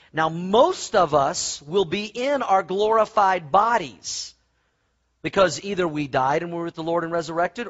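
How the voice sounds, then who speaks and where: A man preaches in a high, husky voice. He is animated and folksy, breaks into stories and asides to his congregation, and the recording sounds dull and lo-fi, like a church sermon tape. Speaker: pastor.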